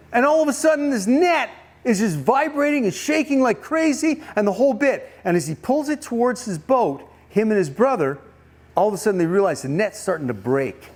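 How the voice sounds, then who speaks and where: At a youth camp, a speaker with a high-pitched voice delivers a sermon at a brisk pace. He retells a Bible story with animated storytelling and puts questions to his listeners.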